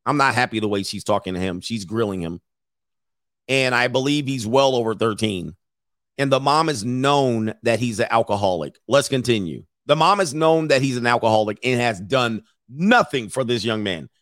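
A man's voice: mid-range voice, animated, normal speed, no room sound, studio quality. A man giving casual, blunt reaction commentary to a video clip, speaking straight to his male viewers and swearing freely. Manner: blunt, profane, addresses viewers as gentlemen.

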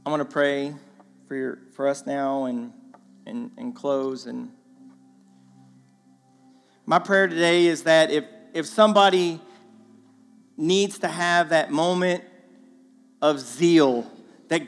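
A man giving a guest sermon in a church, animated and conversational with playful asides. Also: fairly high pitch, slow pace, long pauses. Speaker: guest speaker. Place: church sanctuary. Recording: long church hall reverb, faint music.

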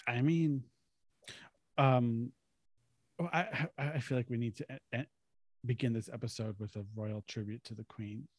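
A woman's voice: very deep voice, normal speed, pauses often, a little mellow, slightly rough, no echo, studio quality. A woman co-hosting a podcast in casual chat, rambling and giggling, often breaking off mid-sentence. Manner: giggly, rambling, self-interrupting. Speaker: podcast co-host.

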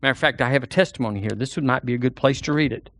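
A man's voice: mid-range voice, racing, a bit bright, no room sound. A man preaching a sermon as pastor, folksy and storytelling, acting out the voices of the people in his stories.

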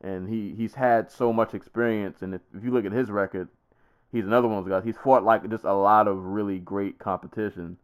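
Male podcast co-host, low smooth voice, relaxed and rambling sports talk. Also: a little fast. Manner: easygoing, rambling with many fillers and restarts. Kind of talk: casual sports chat.

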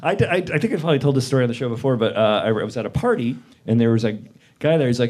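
A man's voice: mid-range voice, huge pitch swings. A male comedian telling stories in a casual live chat, laughing often and setting up jokes. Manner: laughing, storytelling, quick setups. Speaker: comedian co-host. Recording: live stage, faint noise.

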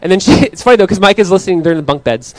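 A man's voice: very fast, dry recording. Upbeat male pastor, storytelling sermon. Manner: animated storytelling, acting out his kids in high voices. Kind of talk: conversational sermon.

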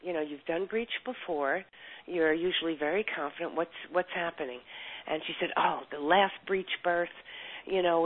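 An older woman with a low voice tells a story as a chiropractor guest in an interview. She acts out the voices of the people in her story. The sound is tinny, like it comes over a phone line.

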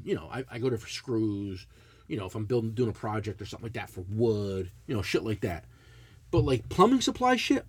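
Swearing and ranting bluntly, this middle-aged podcast co-host animatedly tells a profane story during casual chat. He has a husky, slightly high voice, and the recording has no echo.

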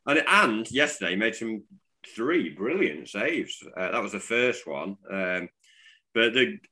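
A man's voice: on the low side, lively intonation, unhurried, pushed and bright. A man from England co-hosting a casual football podcast, rambling and restarting his sentences. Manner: rambling, restarts often, chuckling. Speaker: podcast co-host.

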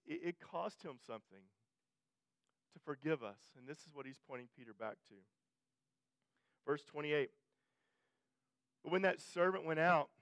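Male pastor, sermon, smooth resonant voice, dry close sound, restarts and repeats phrases. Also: on the high side, fairly bright tone, dry recording. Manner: conversational preaching, repeats and restarts phrases, rises for emphasis.

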